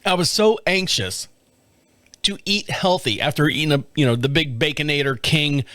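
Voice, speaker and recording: A middle-aged man telling a story casually on his podcast, animated and laughing often, with some swearing. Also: a little high, normal speed, no room sound. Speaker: podcast host. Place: home studio.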